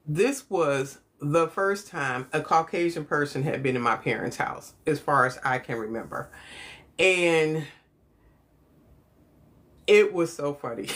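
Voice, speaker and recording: This middle-aged livestream host from Chicago, United States, rambles through a personal story on her phone, pausing to greet viewers. Her voice is deep and a bit bright.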